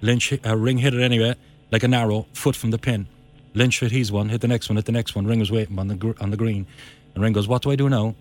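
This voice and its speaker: Cork radio host, male, low-pitched, chatty with lots of um and uh. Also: flat delivery, fast, a little mellow. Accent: Cork Irish. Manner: rambling storyteller, hesitant fillers. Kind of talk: casual radio chat.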